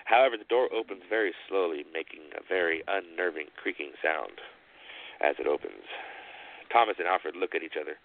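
A man hosting a show, narrating a spooky story with slow, dramatic pauses. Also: deep voice, expressive. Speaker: storyteller host. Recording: tinny phone-like line.

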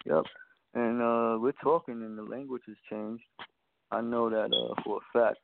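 A caller on a casual radio show, a man with a middle-pitched voice who rambles thoughtfully and hesitates as he goes. His voice comes through thin and boxy, like a phone call. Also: little pitch movement, normal speed, vocal fry. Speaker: guest caller. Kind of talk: casual talk radio chat. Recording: tinny phone line.

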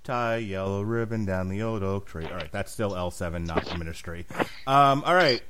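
A man's voice: low-pitched, moderate pace, a bit bright, slight background noise. A man hosting a casual music review podcast, joking around between songs. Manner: joking, does goofy voices. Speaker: podcast host.

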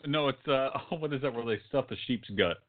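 Male co-host, sleepy dry humor, mid-pitched, phone-like sound. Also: a little fast, a little hiss or hum. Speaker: podcast co-host. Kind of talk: casual comedic banter.

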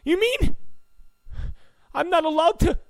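Brief: a shrill, incredulous male journalist whining in a high, creaky voice, put on by a male podcaster. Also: expressive, takes it slowly, exaggerated voice. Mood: whiny. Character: whiny indignant male journalist.

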